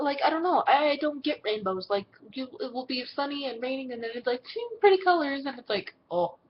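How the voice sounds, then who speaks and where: A woman's voice: a little high, muffled recording, slight background noise. A seventeen-year-old girl, answering viewer questions in a casual vlog, blunt and swearing freely, acting out what people say in little put-on voices. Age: teens.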